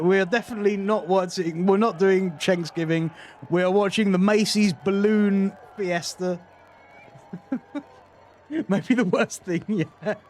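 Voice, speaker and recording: A man's voice: high voice, slight background noise. A British man hosting a reaction video, giving casual commentary with wry, sarcastic asides. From Britain.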